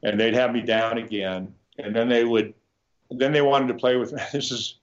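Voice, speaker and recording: At a moderate pace and in a mid-range voice, this man recounts rambling, spirited anecdotes on lo-fi audio. He's a Nebraska guitarist in a casual interview, often backtracking to restart and now and then letting a swear word slip.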